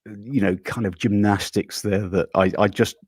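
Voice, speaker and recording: A man hosting a live stream, rambling a little with many ums and restarts, animated and quick to laugh. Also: lowish voice, breathy edge, dry recording. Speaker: host.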